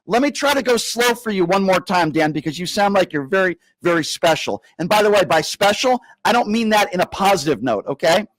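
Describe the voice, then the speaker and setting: A man hosting a live call-in radio show, berating a caller and slowing down to lecture him. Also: sits high, expressive, fairly bright tone, dry recording, rough recording. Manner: combative, insulting, slows down to lecture. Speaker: radio talk show host.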